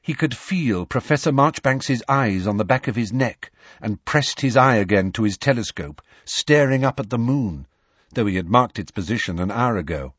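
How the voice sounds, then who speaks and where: A man narrating an audiobook in an expressive storytelling manner. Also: mid-range voice, moderate pace, slightly rough, no echo, lo-fi sound. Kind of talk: scripted narration.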